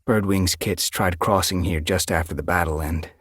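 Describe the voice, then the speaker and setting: A somber, loyal young tomcat warrior speaks with a dry, grave weight, as a male narrator plays him. The voice sits low with a husky grain. It is a close, dry audiobook read. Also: fairly even intonation, normal speed, no echo. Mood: earnest.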